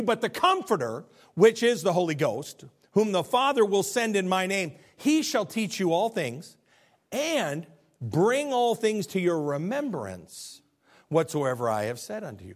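A middle-aged male pastor preaching a sermon, animated, acting out biblical figures as he goes. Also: high-pitched.

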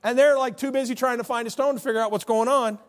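A man preaching a sermon, animated, acting out scripture scenes with voices. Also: extremely high pitch, quick pace.

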